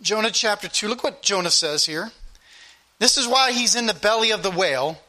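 A man's voice: sits high, animated, moderate pace, pushed and bright. A man preaching a sermon with emphatic, repetitive delivery and direct appeals to the congregation.

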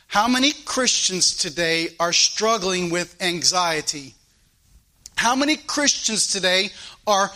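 A man with a drawl preaches with passion, his voice sitting high for a man. His tone is bright and cutting, and he swings from hard, loud exhortation to soft, pleading hushes. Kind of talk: fiery sermon.

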